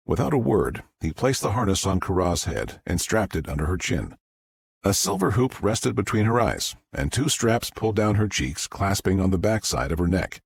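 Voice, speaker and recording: A man reading a novel aloud as an audiobook narrator, with a gravelly voice and a measured delivery. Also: low-pitched, lively intonation, no room sound.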